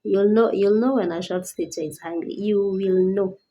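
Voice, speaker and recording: Woman, advocate, earnest awareness talk, warm mellow tone, indignant questions. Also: medium pitch, fairly even intonation, normal speed, dull audio, slight background noise. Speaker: disability advocate.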